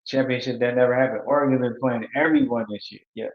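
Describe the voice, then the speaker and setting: A man's voice: mid-range voice, steady tone, quick pace. Male sports-talk host, playful and rambling, reads viewer picks; roomy, muffled recording. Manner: loose, playful, repeats words and trails off. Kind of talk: casual live sports chat, reading viewer picks. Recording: echoey, dull lo-fi sound.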